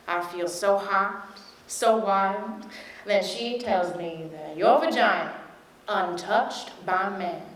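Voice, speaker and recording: Young woman telling a frank, wry memory, slowly. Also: on the low side, slight background noise. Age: young adult. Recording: echoey room.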